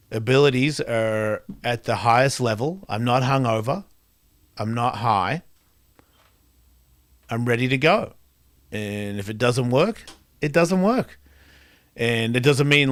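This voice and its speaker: A male radio host talks in a loose, rambling way, circling back with fillers and restarts. His voice sits at an ordinary pitch. The studio sound is dry and close. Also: no room sound. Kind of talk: reflective casual monologue.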